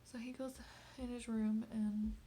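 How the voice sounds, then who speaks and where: Recording a personal video diary, a mother in her thirties describes a rough evening with her son in a little-high, level voice, with a bit of hiss or hum behind it. She speaks softly and falteringly, frequently almost whispering, and tears come at moments.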